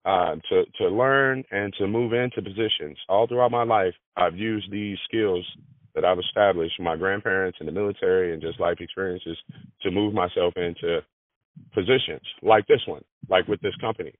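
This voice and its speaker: A man's voice: deep voice, moderate pace, no room sound. Man on a tinny phone line. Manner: repeats words, restarts phrases. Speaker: granite business manager. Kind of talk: interview conversation. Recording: dry, tinny phone-like audio.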